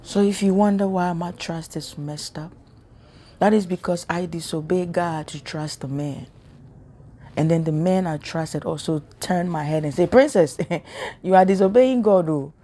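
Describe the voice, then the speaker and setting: A woman's voice: on the low side, steady tone, a little slow, dark tone. A woman giving an earnest, emotional preaching monologue to her viewers, repeating her points with passion. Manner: earnest, impassioned, repetitive. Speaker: spiritual vlogger.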